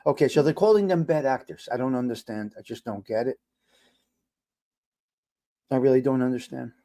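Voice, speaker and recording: An older man hosts a casual live stream. He rants in disbelief, his voice leaping up when something gets to him, then settling back into a calmer, reflective tone. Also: moderate pace, long pauses. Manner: exasperated, incredulous rants that jump high in pitch. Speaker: livestream host.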